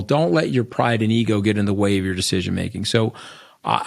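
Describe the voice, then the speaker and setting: A middle-aged man from Long Island, telling stories bluntly and animatedly as an interview guest, often tagging his lines with "okay?". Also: on the low side. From Long Island, New York. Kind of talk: candid storytelling interview.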